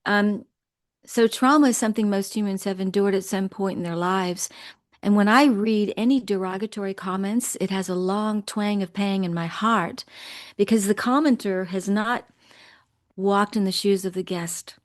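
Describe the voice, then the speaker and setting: A woman in her sixties speaks as an interview guest, earnest and measured. She tells her own story with feeling at a steady middle pitch. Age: 60s. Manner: earnest, measured, emotional at times. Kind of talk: interview, personal account.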